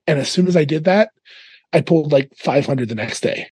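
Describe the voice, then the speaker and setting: Casting: husky, slightly high male guest, lively storyteller, dry close sound. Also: fairly quick, dry recording. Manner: animated storyteller, laughs often. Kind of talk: casual podcast chat. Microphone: remote call mic.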